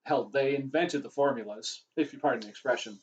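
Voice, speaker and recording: A medium-pitched man talks fairly quickly on a muffled recording while hosting a casual livestream and fielding questions. He's chatty and rambling, often correcting himself, and his voice is becoming worn.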